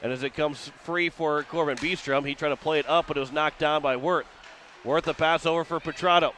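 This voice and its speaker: Guy from missouri calling hockey on the radio, kinda high voice, fast running play-by-play, little bit of noise under it. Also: steady tone, a bit bright. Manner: rapid running description, rising with the action. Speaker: play-by-play announcer.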